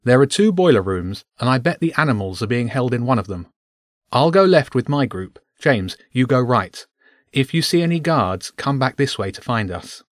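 A man's voice: medium pitch, sing-song, moderate pace, no echo, clean studio sound, close to an everyday voice. A man voicing a brave young girl who leads a gang of children. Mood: commanding. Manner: commanding, urgent.

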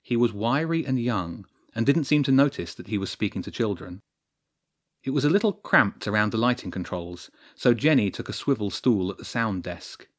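A man narrating a story in a steady storytelling voice. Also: fairly low pitch, normal speed. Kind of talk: scripted narration.

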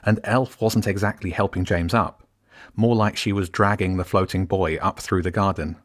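Deep-voiced male storybook narrator. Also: fairly even intonation, normal speed.

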